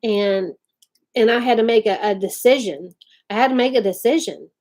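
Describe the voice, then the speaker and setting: A woman's voice: a little high, moderate pace, a little mellow. A middle-aged woman, hosting a casual live chat and talking emphatically and from the heart straight to her viewers. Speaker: livestream host.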